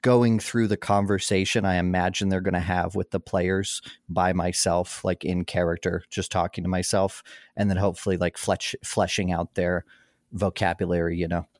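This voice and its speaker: A man, game master of an actual-play podcast, chatting casually over a call with a rambling, relaxed manner. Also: low-pitched, normal speed, dry recording, clean studio sound. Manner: rambling, relaxed, with frequent fillers and laughs. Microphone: remote call microphone.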